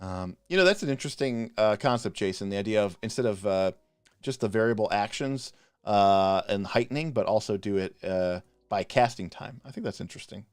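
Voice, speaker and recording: A man co-hosting a live stream, ranting passionately in a casual, animated way with frequent restarts. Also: fairly low pitch, a little fast, clean tone, no room sound. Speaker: podcast co-host reviewing game spells.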